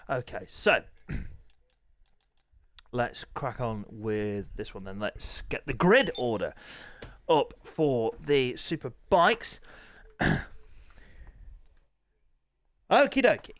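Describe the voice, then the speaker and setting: A man hosting and commentating a sim racing league, chatty and jokey, teasing the riders and clearing his throat often. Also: medium pitch, big pitch swings, takes it slowly, long pauses, fairly bright tone, dry recording. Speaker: race commentator and league host.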